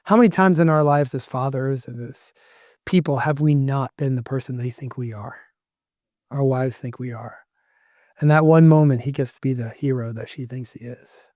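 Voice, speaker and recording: A man's voice: medium pitch, normal speed, a little mellow, no room sound, clean studio sound. A middle-aged man, a podcast guest, talking earnestly and emphatically like a motivational speaker. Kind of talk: casual interview talk.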